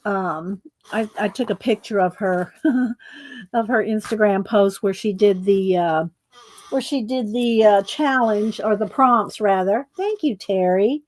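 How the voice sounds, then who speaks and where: A woman with a medium-pitched, slightly mellow voice speaks at a measured pace while hosting a casual crafting livestream. She chats with viewers by name as she works, full of fillers and restarts.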